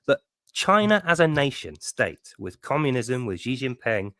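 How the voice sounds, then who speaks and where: A man's voice: mid-range voice, sing-song, unhurried, pushed and bright, no room sound, clean studio sound. A British man hosting a live online debate, talking bluntly and casually, with frequent swearing. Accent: British English. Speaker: host.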